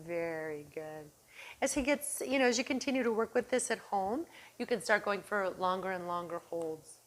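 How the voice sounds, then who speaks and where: A woman dog trainer talks through a demonstration in a calm, encouraging way. She praises the dog softly and low, and now and then calls him in a high, excited voice. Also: fairly quick.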